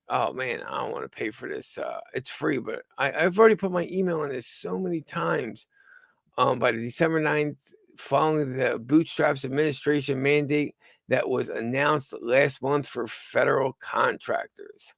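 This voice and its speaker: A tired man under the weather hosts a rambling live-stream news show from home, talking haltingly with many stumbles and restarts. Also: mid-range voice, expressive, gravelly, no room sound. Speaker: host of a livestreamed news show.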